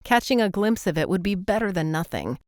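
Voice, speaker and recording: A woman narrating a romance audiobook, smooth and gently expressive. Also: mid-range voice, a little fast, no room sound, clean studio sound.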